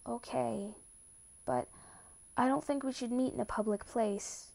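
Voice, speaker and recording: A woman's voice: fairly high pitch, a little slow, creaky, a little mellow. Woman reading a worried protective mother. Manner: worried, distressed. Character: anxious protective mother, middle-aged woman.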